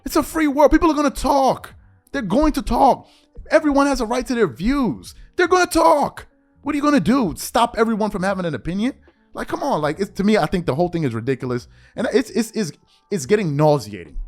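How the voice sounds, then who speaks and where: High, lively man ranting exasperatedly. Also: fairly quick, faint music behind. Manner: animated, exasperated rhetorical questioning. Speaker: sports show host. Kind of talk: opinion monologue.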